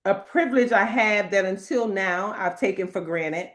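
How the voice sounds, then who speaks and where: Animated laughing woman host. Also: mid-range voice, moderate pace. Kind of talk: spiritual talk and card reading.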